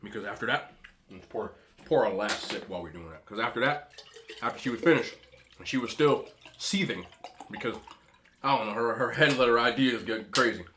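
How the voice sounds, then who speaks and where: A man in his thirties eating on camera, giving emphatic, animated relationship advice to other men and telling stories in a casual chat. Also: mid-range voice, brisk, pauses often, slight background noise. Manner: storytelling with repeated disapproving hums. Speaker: mukbang vlogger.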